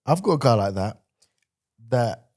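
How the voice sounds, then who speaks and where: A man co-hosting a podcast in casual chat, relaxed and agreeable, laughing along. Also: mid-range voice, unhurried.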